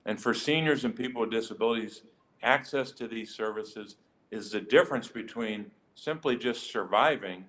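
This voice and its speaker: Man, senator at a hearing, lowish voice, measured, emphatic prepared remarks. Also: a bit bright. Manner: measured, emphatic speech-making. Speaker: senator questioning nominees.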